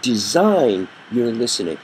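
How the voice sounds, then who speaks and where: A man teaching a communication workshop, telling a story with an animated delivery that rises and drops for effect. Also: mid-range voice, a little slow, slight background noise, rough recording. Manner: animated storyteller, rising and dropping his voice for effect. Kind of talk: storytelling lesson.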